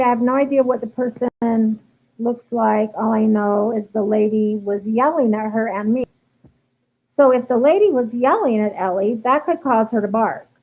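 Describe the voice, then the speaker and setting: A woman dog trainer answering viewer questions in a live stream, explaining casually with many ums and restarts. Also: on the high side. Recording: tinny phone-like livestream audio.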